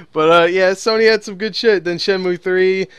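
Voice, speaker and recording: A man hosting a podcast talks in loose, rambling casual chat, laughing and swearing as he goes. His voice sits fairly high and sounds smooth and clear. The sound is dry and close. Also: steady tone, unhurried, fairly bright tone, no room sound. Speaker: podcast host.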